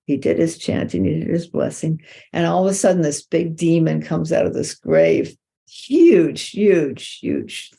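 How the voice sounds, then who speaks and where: A woman's voice: deep voice, gravelly, mellow. A woman Zen teacher giving a dharma talk, retelling a story loosely with many restarts.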